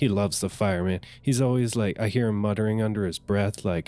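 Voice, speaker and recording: A man's voice: lowish voice, steady tone, brisk, few pauses, warm tone. A man who is a guest player in a tabletop game, talking in a laid-back, rambling way with many fillers.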